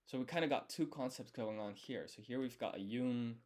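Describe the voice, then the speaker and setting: Thinking aloud while he studies on stream, a language learner spells out each step and tests himself under his breath. His voice is medium in pitch, a little mellow, and fairly quick.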